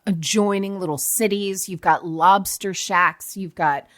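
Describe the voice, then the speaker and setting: A woman's voice: lowish voice, fairly even intonation, unhurried. A woman who used to present morning TV, chatting casually as a podcast guest and poking fun at herself. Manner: chatty and self-mocking. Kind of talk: casual chat.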